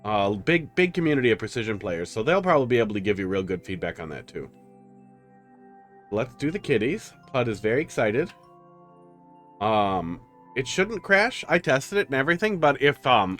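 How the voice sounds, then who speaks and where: A man's voice: fairly low pitch, very animated, moderate pace, fairly bright tone, faint music behind. Guy streaming, chatty and loose, voice jumps all over when he baby-talks his pets. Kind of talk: casual live-stream chat.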